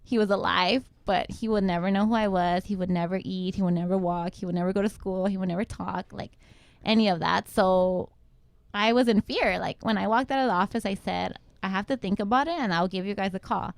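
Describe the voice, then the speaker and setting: A young woman recounting a hard personal story in a talk show chat. Her voice has a gravelly, fry-edged texture, and the recording is close and dry. She keeps slipping into quick quoted lines from the people around her. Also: mid-range voice, dry recording. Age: young adult. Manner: quotes others in quick reenacted lines, many likes. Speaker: guest mother.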